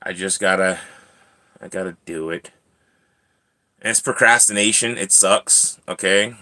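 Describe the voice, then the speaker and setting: A man's voice: low-pitched, unhurried, pushed and bright. A man hosting a casual livestream from home, chatting and teasing while he talks to his cat and clips its nails. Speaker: channel host.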